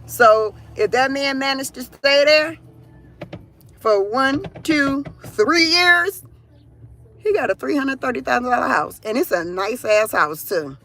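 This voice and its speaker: A middle-aged woman chatting on a live stream with a high, sharp voice. She rants loudly and profanely with lots of animation, speaking into her phone while standing outside near a car. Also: unhurried. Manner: loud, profane, animated ranting. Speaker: livestream host. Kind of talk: casual live-stream chat.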